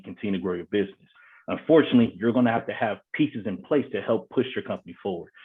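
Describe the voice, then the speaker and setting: Fast-talking guy on a panel, low husky voice, tinny phone-line sound. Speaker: panelist, company CEO. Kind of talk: casual panel discussion.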